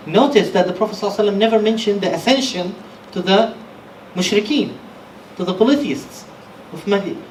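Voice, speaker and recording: A man's voice: high-pitched, animated, quick pace, hardly any pauses, slight background noise. A man giving a religious history lecture, talking emphatically and asking rhetorical questions. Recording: echoey room from a distance.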